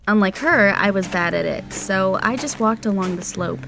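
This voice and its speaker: A woman's voice: mid-range voice, moderate pace, gravelly, hardly any pauses, background noise. A woman narrating a dramatic first-person storytime. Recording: music playing behind.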